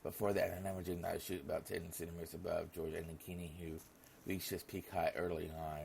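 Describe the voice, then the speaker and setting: A man's voice: low voice, flat delivery, a little fast, creaky, a little mellow, a little hiss or hum. A young man reading a visual novel aloud in a casual manner, stumbling over names now and then. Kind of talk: reading game text aloud.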